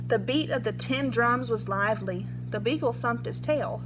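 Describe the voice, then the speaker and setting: A woman reading a story aloud in a plain, steady way. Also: fairly high pitch, normal speed, few pauses, slight background noise, poor audio. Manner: plain, steady reading with an occasional self-correction.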